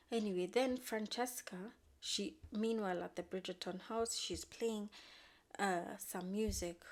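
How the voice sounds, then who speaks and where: A woman's voice: mid-range voice, creaky. Chatty, sassy woman recapping a show. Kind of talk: casual recap chat.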